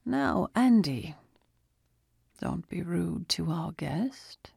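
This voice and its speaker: Brief: woman voicing a mocking male villain, low, creaky, dry close audiobook sound. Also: expressive, drawn-out words, darkish tone, no room sound, heavily acted. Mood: courteous. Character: suave menacing older male cult leader.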